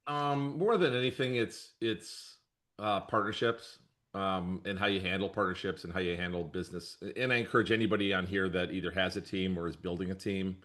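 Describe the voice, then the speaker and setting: A man's voice: deep voice, a little fast, a bit bright. A middle-aged man, a brokerage leader answering interview questions in a rambling, easygoing way, often correcting himself and laughing.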